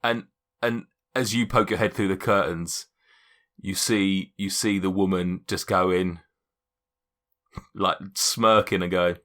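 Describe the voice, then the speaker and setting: A man's voice: low-pitched, fairly even intonation, takes it slowly, pauses often, fairly bright tone. A man narrating a tabletop game as game master, rambling casually with many restarts.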